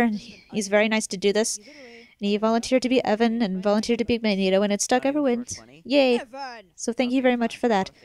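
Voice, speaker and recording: A woman's voice: medium pitch, a little mellow. A young woman gives a rambling, casual commentary on her own fan-made series. She is chatty, often exasperated and laughs a lot.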